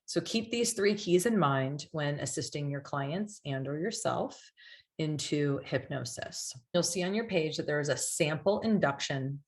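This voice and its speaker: A woman's voice: deep voice, lively intonation, a little slow. A woman teaching hypnosis in a chatty, casual way, with many "like"s and "right?"s, sometimes acting out a client or a soothing hypnotist line. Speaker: hypnosis coach.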